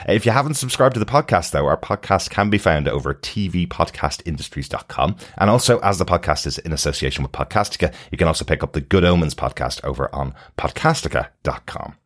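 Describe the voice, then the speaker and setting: A man hosting a podcast in a chatty, casual way, laughing often. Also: a bass voice. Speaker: podcast host.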